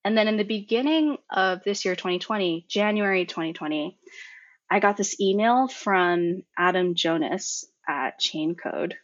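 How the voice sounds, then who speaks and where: A young woman in her twenties, a guest telling her story in a casual interview, animated and full of fillers, acting out the dialogue she quotes. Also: measured pace, no room sound. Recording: muffled low-fidelity audio.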